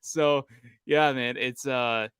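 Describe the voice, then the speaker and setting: A man's voice: medium pitch, fairly quick, a bit bright, clean tone, no room sound. A man from Canada co-hosting a casual podcast, telling stories in a rambling, polite way. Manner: rambling storyteller, self-described polite. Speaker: podcast co-host. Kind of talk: casual chat.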